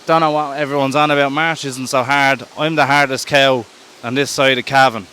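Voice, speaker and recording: A man's voice: mid-range voice, fairly even intonation, normal speed, pushed and bright, slight background noise, natural voice. A man with an Irish accent voicing a cocky, boastful male cow who taunts and mocks. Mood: mocking. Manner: brash taunting swagger.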